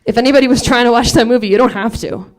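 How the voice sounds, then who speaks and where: A woman's voice: a little high, rapid-fire. A woman in her late twenties performing a comedic sung story live on a saloon stage, wry and profane, with spoken asides between verses. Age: late 20s. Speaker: comedic singer-songwriter. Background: her own ukulele accompaniment.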